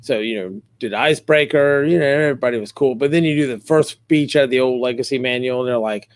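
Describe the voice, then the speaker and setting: A middle-aged man telling a funny story on a podcast, animated and joking. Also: medium pitch, fast talker, few pauses, clean tone, no echo. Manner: animated, joking, acts out quotes. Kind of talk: casual storytelling.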